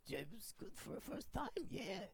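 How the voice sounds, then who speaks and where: A woman voicing an affectionate, worldly older woman who speaks in a folksy, doting way, with a husky, creaky voice. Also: medium pitch, sing-song, normal speed, exaggerated voice. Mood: warm, doting. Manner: folksy, doting, calls others pet names. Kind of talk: tabletop role-play in character.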